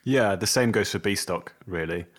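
A man's voice: low-pitched, moderate pace. A man co-hosting a music podcast in casual chat, easygoing and explaining things at length. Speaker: podcast co-host.

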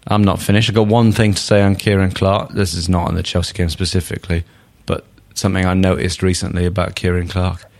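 A man with a fairly low voice chatting about football on a podcast. He jokes, swears freely and gets animated when he rants. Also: fast talker, few pauses. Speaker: podcast co-host. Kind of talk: casual football chat.

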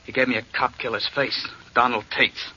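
A man's voice: mid-range voice, steady tone, brisk, bright, forceful tone, husky. An actor playing a desperate, wrongly jailed man who pleads urgently in a 1940s radio drama. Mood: pleading. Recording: dull old radio recording.

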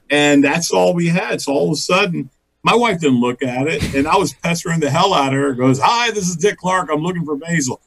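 Animated husky-voiced male comedian telling stories. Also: a little high. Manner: animated storyteller, acts out voices and quotes, laughs often. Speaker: guest comedian and voice actor. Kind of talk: casual storytelling chat.

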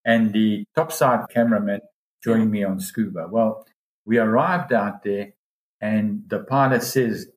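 In a relaxed interview, a dive guide with a fairly low male voice tells a long diving story at a measured pace. He grows animated and his pitch jumps up when he quotes others, and the room carries a noticeable echo.

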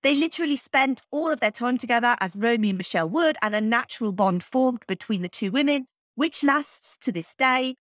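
A woman's voice: a little high, lively intonation, a little fast, few pauses, a bit bright, no echo, clean studio sound. Chatty woman podcast host. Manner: chatty, opinionated asides. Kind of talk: scripted podcast narration.

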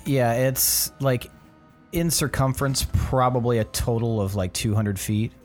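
A man's voice: mid-range voice, measured pace, faint music behind. A man narrating as game master in a casual tabletop role-playing session.

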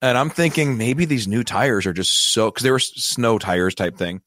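A man hosting a financial advice show, telling a self-deprecating story in a lively, casual way. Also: medium pitch, normal speed, no echo, studio quality. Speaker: financial advisor and show host.

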